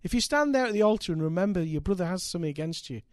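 An older man, preaching a sermon and telling stories with animated, emphatic delivery. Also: sits high, racing, no room sound. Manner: animated, building to loud emphatic peaks. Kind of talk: sermon with storytelling.

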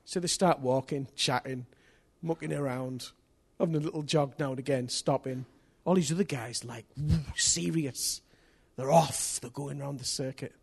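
A man preaching a sermon in a church, telling a story with energy, rising to excited shouts and dropping to near whispers. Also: mid-range voice, moderate pace, creaky, few pauses, slightly rough. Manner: swings from hushed to excited shouting; lively storyteller with local place names and slang.

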